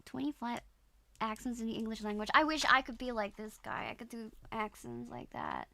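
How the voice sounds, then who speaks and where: Woman, livestream chat, playful, giggly, high-pitched, dry close sound. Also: very animated, brisk, vocal fry, pushed and bright, no room sound. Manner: giggly, playful, tries out tongue twisters.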